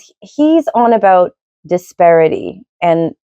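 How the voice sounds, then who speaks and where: A middle-aged woman co-hosting a podcast, chatting in a rambling, opinionated way, with sudden jumps in pitch. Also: animated, moderate pace, dark tone, no room sound, highs cut off. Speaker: podcast co-host. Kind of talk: casual opinionated chat.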